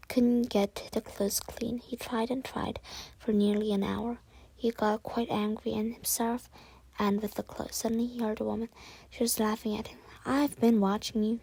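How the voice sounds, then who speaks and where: A woman reading a storybook aloud, slowly and carefully, with soft, breathy passages. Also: on the high side, dry recording, rough recording. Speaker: reader.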